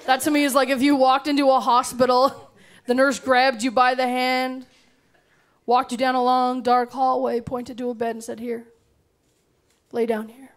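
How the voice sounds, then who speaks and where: A woman's voice: sits high, normal speed. A young woman doing a bawdy, sarcastic stand-up set into a handheld mic on a comedy club stage. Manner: sarcastic, bawdy, animated storytelling.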